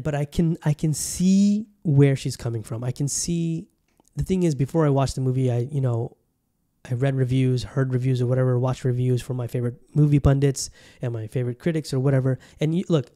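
A man's voice: mid-range voice, mellow. A man hosting his own podcast, chatting casually and rambling, often restarting his sentences as he talks straight to his listeners. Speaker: podcast host. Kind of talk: casual solo podcast chat. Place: Bangkok.

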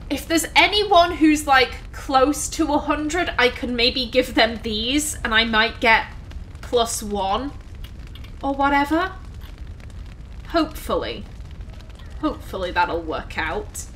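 A woman commentates casually on a let's play, chatting and thinking aloud about her choices. Her voice is high and bright, and she talks at a relaxed, unhurried pace. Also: a little hiss or hum.

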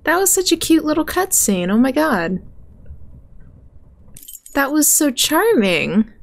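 A woman's voice: high-pitched, sing-song, slow, vocal fry. A woman casually chatting while she plays a game, chatty and giggly. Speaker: gamer. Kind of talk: casual gameplay commentary.

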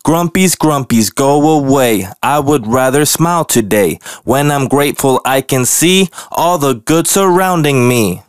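A man's voice: mid-range voice, expressive, a little slow, hardly any pauses, clean tone, no room sound, clean studio sound, voice pushed up, natural voice. A man voicing a grumpy young grizzly bear cub in a storybook reading, raised a little above his own voice. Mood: cheerful. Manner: complaining, later cheerful chant.

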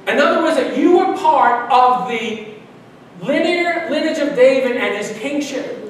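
A pastor from Brooklyn delivers an animated sermon, his fairly high voice stumbling into repeated restarts as he builds each point. The sound is heavily echoey and comes from a mic well away from him in the sanctuary. A faint hiss sits underneath. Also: a little slow. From Brooklyn, New York. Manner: animated preaching with frequent restarts and repetitions. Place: large church sanctuary. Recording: very echoey church from far off.

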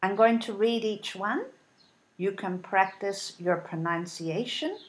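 A woman teaching an English lesson, reading example sentences and modeling intonation with deliberate, clear enunciation. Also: mid-range voice. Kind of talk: slow, careful English lesson.

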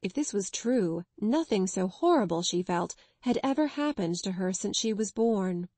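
A woman narrates a classic children's novel for an audiobook. Her reading is even and clear, and the recording is dry and close, with no room sound. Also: mid-range voice, normal speed, dry recording. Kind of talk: scripted narration.

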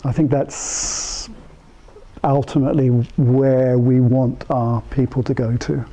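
This older man speaks informally to a small live audience of psychotherapists in a meeting room, telling stories in which he mimics the people involved and thinking out loud with pauses and restarts. He delivers flatly in a medium-pitched, dark-toned voice, and the audio quality is poor.

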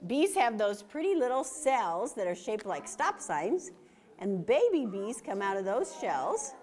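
Animated woman reading to children. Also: medium pitch, measured pace. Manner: animated, questions for the kids. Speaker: children's storytime reader. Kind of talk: reading a picture book aloud to children.

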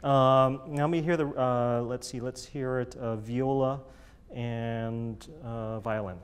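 A man's voice: medium pitch, fairly even intonation, takes it slowly, clear, resonant tone. A man coaching a chamber group in a master class, encouraging and jokey, singing musical phrases to show the players how they should sound.

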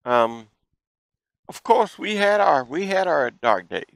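Man in his fifties, gravelly voice, folksy storyteller, hosting a talk show, dry close recording. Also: a little high, sing-song, takes it slowly, a bit bright, dry recording, rough recording. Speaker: show host. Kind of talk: storytelling childhood memories.

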